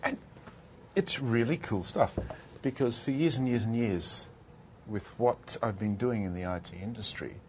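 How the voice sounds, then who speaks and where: A man speaking as an industry guest on a panel, explaining in a measured way. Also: lowish voice, slight background noise. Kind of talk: panel discussion.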